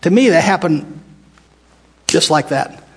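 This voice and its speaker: Speaking slowly with lively intonation, this older man from the United States has a voice on the high side and slightly rough. He leads a relaxed Bible study conversationally, restarting phrases and putting questions to those gathered.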